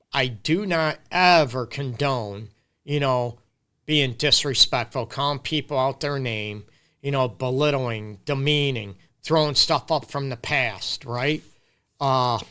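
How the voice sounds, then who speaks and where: A man's voice: medium pitch, pushed and bright. A middle-aged man, hosting a casual live-stream Q&A as a relationship counselor and talking straight to his viewers. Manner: casual, emphatic, addresses viewers directly. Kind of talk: live-stream advice talk.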